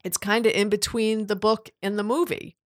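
A woman's voice: mid-range voice, level tone, normal speed. A woman co-hosting a podcast in casual, agreeable chat. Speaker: podcast co-host.

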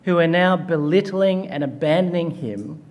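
A man's voice: on the high side, moderate pace, darkish tone. A man preaching a chapel sermon, telling a story with light humor before working through a passage.

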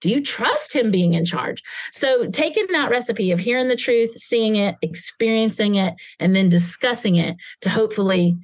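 A woman who leads children's ministry, talking on a podcast and telling stories with lively acted-out quotes. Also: mid-range voice, normal speed, few pauses, no room sound. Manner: animated storyteller, acts out kids and parents in quoted voices. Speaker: children's ministry leader, guest. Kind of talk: casual podcast conversation.

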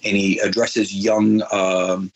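A man as a guest, telling a story in an excited, animated way. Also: deep voice, takes it slowly, rough recording. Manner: excited storyteller, animated exclamations and impersonated quotes. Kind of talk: casual anecdote telling.

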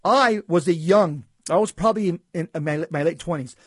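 Male guest, high-pitched, earnest halting storyteller, dry close sound. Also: husky, dry recording. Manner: earnest storytelling with repeats and stumbles. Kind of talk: personal testimony in conversation.

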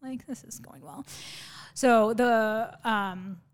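A woman in her thirties, appearing as a podcast guest, shares a personal story in a nervous, rambling way, full of fillers and restarts. Her voice is on the high side and slow, with a clean tone.

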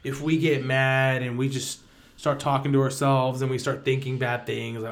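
A man's voice: mid-range voice, little pitch movement, moderate pace. A young man co-hosting a casual Bible study chat, easygoing, with short reactions and many fillers. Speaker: podcast co-host.

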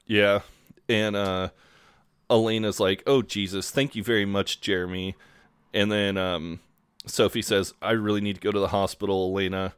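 Male podcast co-host, low voice, dry close mic, laid-back recap with fillers. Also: moderate pace, clean tone, dry recording. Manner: relaxed, many fillers, acts out quotes. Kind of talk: casual chat recapping a show.

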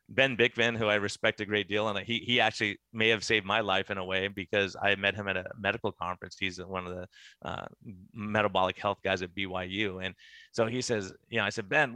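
A man's voice: deep voice, vocal fry, bright, forceful tone, no echo. A middle-aged man, a physician guest, telling stories in conversation and animatedly acting out the dialogue he quotes. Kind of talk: conversational storytelling.

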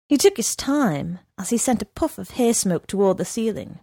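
A woman narrating a novel aloud in a measured, even manner. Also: mid-range voice, gravelly, no room sound, clean studio sound. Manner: measured, unhurried reading.

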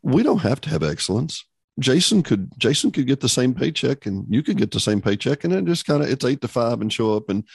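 A man's voice: mid-range voice, very animated, fairly quick, gravelly, breathy edge, no echo. A man hosting a casual interview in a folksy, chatty way, often repeating and restarting his phrases. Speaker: show host.

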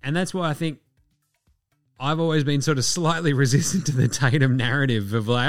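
A man's voice: medium pitch, steady tone, brisk, dry recording, clean studio sound, faint music behind. A man hosting a sports podcast, ranting bluntly and swearing freely. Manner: blunt, profane, opinionated. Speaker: podcast host. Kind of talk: casual sports podcast rant.

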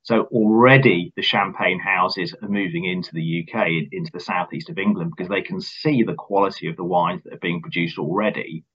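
A man speaking as a company finance chief in an interview, measured and earnest, often repeating words as he starts. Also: deep voice, fairly even intonation, a bit bright, husky, highs cut off. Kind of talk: business interview answers.

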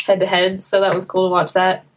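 A woman's voice: fairly low pitch, brisk. Chatty American woman co-host. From United States. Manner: chatty, laughs often, quotes people in lively voices. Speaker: podcast co-host. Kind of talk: casual chat.

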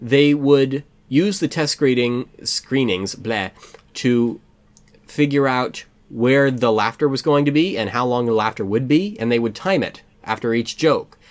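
A man with an American accent co-hosting a casual podcast about movies, rambling and joking with quick asides. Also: medium pitch. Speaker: podcast co-host. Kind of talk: casual movie review chat.

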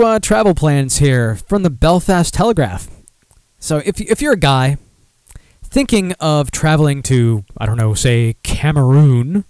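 A man's voice: on the high side, a little mellow, clean tone, no echo. A young adult man hosting a casual beer podcast, rambling and swearing, with lots of fillers as he reads news stories aloud. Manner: rambling, profane, self-deprecating, many fillers. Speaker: podcast host.

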